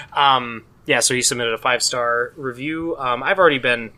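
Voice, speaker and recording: A man's voice: mid-range voice, moderate pace, bright, forceful tone, poor audio. A man co-hosting a podcast, chatting casually and easygoing, with frequent fillers. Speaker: podcast co-host. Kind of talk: casual chat.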